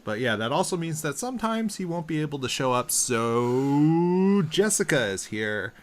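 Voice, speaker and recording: A man in his thirties hosting a podcast in casual chat, animated and rambling, with many restarts. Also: fairly high pitch, normal speed. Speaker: podcast host.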